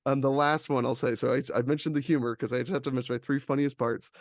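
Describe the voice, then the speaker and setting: A man co-hosting a casual film chat, retelling scenes with excitement and laughter. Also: mid-range voice, fast talker, dry recording, studio quality. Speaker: podcast co-host.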